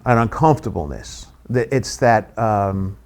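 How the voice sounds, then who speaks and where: A middle-aged man, a guest comedian, telling an animated anecdote and acting out the people in it. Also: on the low side, measured pace. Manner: animated anecdote-telling, acts out quoted voices. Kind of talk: storytelling chat.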